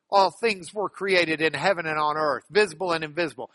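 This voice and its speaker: A man preaching a sermon as pastor, hammering single words with big swings in loudness and leading the congregation in call-and-response. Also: on the high side, brisk, few pauses, dry recording. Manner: ends in a quiet, soft-spoken prayer.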